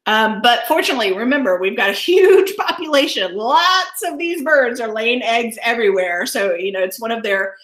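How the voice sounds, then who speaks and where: A woman's voice: a little high, animated, normal speed, few pauses, a bit bright, roomy sound. A woman wildlife educator giving an enthusiastic online presentation over a video call, often laughing as she explains.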